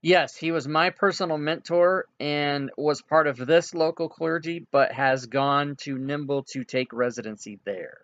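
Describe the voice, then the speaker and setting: A man's voice: on the high side, a little slow, hardly any pauses, a bit bright. A man voicing a friendly male furbolg healer with polite, pleading formal speech, on a dull, dry lo-fi recording. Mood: earnest.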